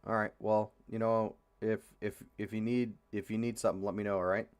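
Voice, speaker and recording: A man's voice: fairly low pitch, flat delivery, a little fast, clear, resonant tone. A young man hosting a casual podcast, rambling and frustrated, with many fillers and free swearing. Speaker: podcast host. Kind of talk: casual opinionated chat.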